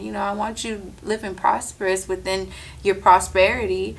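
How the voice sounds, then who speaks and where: A woman hosting a podcast, telling a story in a casual, animated monologue, acting out quotes and swearing freely, close to the mic. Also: mid-range voice, moderate pace, gravelly. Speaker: podcast host.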